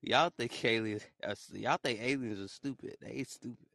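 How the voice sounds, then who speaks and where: A young podcaster rambles casually in a solo monologue, swinging between low mutters and loud, excited outbursts. He talks at normal speed with vocal fry, and the studio-quality recording has no echo.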